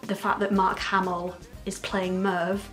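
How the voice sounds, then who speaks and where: A woman giving an excited, unscripted reaction to a trailer, gushing, laughing often and close to tears. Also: medium pitch, unhurried, faint music behind. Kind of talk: casual, unscripted reaction commentary.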